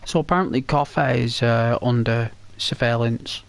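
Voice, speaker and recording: A man's voice: mid-range voice, normal speed, gravelly, smooth, no echo. A man streaming a video game, chatting to his viewers in a rambling, chatty way with many restarts. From Britain. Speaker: gaming streamer. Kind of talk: casual chat to viewers while playing.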